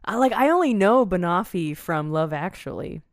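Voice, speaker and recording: A woman co-hosting a podcast, chatting casually in a giggly, animated way. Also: on the low side, normal speed, dry recording, studio quality. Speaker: podcast co-host. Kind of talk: casual banter.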